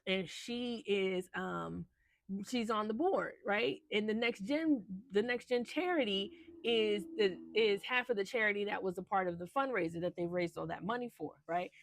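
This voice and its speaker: A woman's voice: medium pitch, moderate pace, vocal fry, no echo. A woman vlogger recapping a soap opera in casual chat, acting out each character's lines with slangy asides. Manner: lively storyteller, slips into character voices. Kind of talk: animated casual recap with acted-out dialogue.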